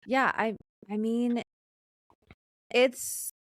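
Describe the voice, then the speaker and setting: A woman hosting a casual podcast, quick and witty with a sarcastic edge and frequent laughter. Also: a little high, fairly even intonation, fairly bright tone, no echo, studio quality. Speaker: podcast host.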